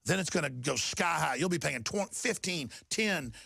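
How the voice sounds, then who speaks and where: A middle-aged man rants on his talk radio show, his voice gravelly and forceful. He speaks a little high for a man and swells toward shouting as he pushes each point. The recording is dry and close. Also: normal speed, no echo. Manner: impassioned, rising to shouting then calming. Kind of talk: ranting talk radio monologue.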